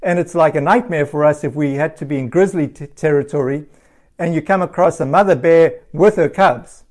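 A man preaching a relaxed sermon, telling stories and laughing at times. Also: a little high, normal speed. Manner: casual storytelling with laughs.

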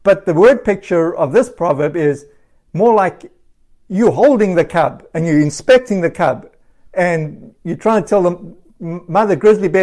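A man preaching a relaxed sermon, telling stories and laughing at times. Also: high-pitched, normal speed. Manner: casual storytelling with laughs.

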